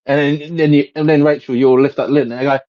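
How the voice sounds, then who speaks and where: A man's voice: fairly high pitch, flat delivery, a little fast. A man co-hosting a podcast, joking around and laughing often in casual chat. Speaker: podcast co-host. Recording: slightly muffled lo-fi sound.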